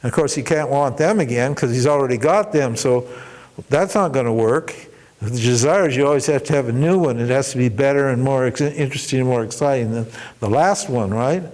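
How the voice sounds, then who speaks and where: A man teaching at a spiritual workshop, telling a parable with animated delivery and frequent restarts. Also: medium pitch, brisk. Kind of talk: storytelling in a workshop talk.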